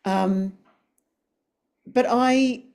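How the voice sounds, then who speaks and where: A woman's voice: fairly high pitch, very slow, vocal fry, a little mellow. A woman, a dialogue coach speaking on a webinar panel over a video call, effusive and emphatic.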